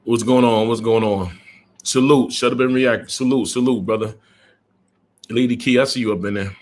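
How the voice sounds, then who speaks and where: Blunt middle-aged trucker ranting live. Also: male voice, mid-range voice, fairly even intonation, moderate pace. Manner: blunt, repetitive, greets viewers mid-rant. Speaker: live stream host, truck driver. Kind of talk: live-stream rant.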